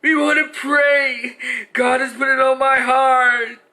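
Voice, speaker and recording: A man's voice: very high voice, little pitch movement, takes it slowly, pushed and bright, voice pushed up, exaggerated voice. Brief: a man parodying a preachy tearful mother, raised sing-song voice, piercing tone. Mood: mock pious. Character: mocking imitation of a pious, tearful middle-aged mother.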